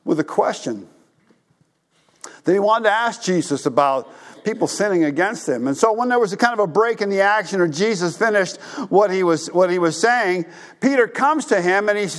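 Animated high-voiced male preacher. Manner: animated, acts out characters' voices. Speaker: pastor. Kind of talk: sermon storytelling.

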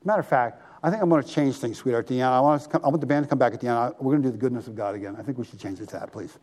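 A male pastor preaching a sermon, animated and drawing the congregation to answer back. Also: medium pitch, racing.

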